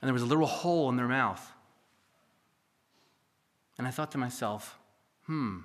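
A male pastor preaching a sermon, building to emphatic peaks and then dropping to quiet, confiding asides. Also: medium pitch, moderate pace. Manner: preachy, rises to near-shouting then drops to a hush.

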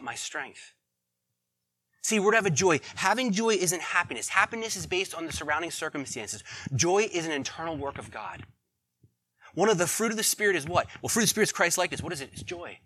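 Husky, bright-voiced preacher man. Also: sits high. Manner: conversational preaching with rhetorical questions and asides; animated, swings between loud emphasis and quiet asides. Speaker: pastor. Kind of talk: sermon.

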